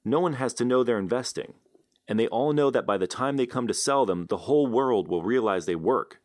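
A man voicing an excitable, blunt male inventor in a read-aloud story, with eager, emphatic delivery. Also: medium pitch, fairly quick, no room sound, clean studio sound, voice pushed up, natural voice. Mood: excited. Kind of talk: audiobook character voice.

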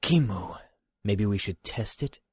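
A man's voice: on the low side, animated, a little slow, slightly rough, no echo, clean studio sound, full character voice. A man voicing a cautious, dour male yakuza in a storybook reading, speaking with restraint. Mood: wary.

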